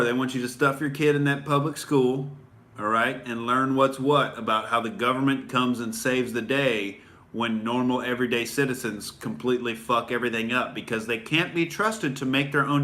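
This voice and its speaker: Sarcastic man, bright tense voice. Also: mid-range voice, steady tone, normal speed. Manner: sarcastic, mock-earnest parody voice; chatty, fillers like "all right?". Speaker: comedian host. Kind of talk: satirical comedy commentary.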